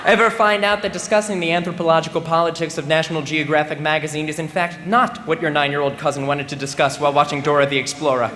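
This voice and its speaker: Speaking fast with hardly any pauses, this young man in his twenties has a fairly high, flat voice. As a graduating student he delivers a humorous speech with mock-serious timing over crowd laughter, recorded in a reverberant large ceremony venue with faint background noise.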